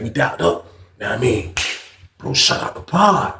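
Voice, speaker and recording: A man's voice: mid-range voice, moderate pace, vocal fry, noisy background. A man from Virginia telling a street story in a casual, profane way, acting out the people in it. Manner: animated, profane, acts out other people. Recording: roomy echo.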